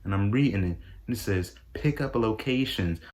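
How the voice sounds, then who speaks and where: A young man tells a casual vlog story and acts out his own reactions, jumping into high-pitched exclamations. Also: lively intonation, moderate pace, a little mellow. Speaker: vlogger.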